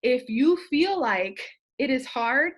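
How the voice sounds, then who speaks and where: Talking slowly in a high-pitched voice with lively intonation, a feverish young woman rallies her sales team on a live video. She's sweaty but fired up, rambling through profane jokes, casual swearing, asides, and laughter.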